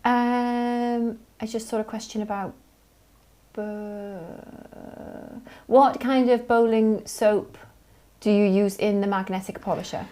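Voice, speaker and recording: A woman co-hosting a live Q&A, briskly reading questions from the chat and thanking viewers. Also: medium pitch, fairly even intonation, dark tone. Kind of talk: live Q&A stream.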